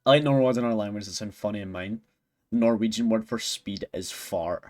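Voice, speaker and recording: A man's voice: on the low side, fairly quick, a little mellow. A young Scottish man streaming live, chatting casually with viewers in a rambling, sweary way, often breaking into giggles. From Scotland.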